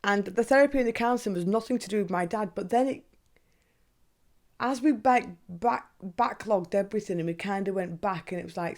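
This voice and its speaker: A young woman hosting a podcast, talking casually and candidly, swearing freely and asking herself questions out loud. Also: mid-range voice, a little fast. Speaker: podcast host. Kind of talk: casual monologue.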